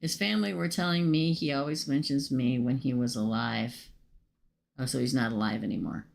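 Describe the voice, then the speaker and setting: Low gravelly-voiced woman reading tarot. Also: moderate pace. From United States. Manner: chatty, reads cards aloud, answers viewers' questions. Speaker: tarot reader. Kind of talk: live tarot reading, casual chat.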